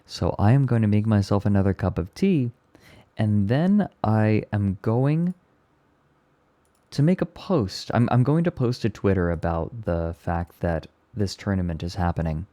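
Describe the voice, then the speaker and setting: A man streaming and chatting casually with his viewers, speaking gently and with enthusiasm. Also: on the low side, measured pace, no echo. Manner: gentle, soft-spoken. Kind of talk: casual live-stream chat, answering chat.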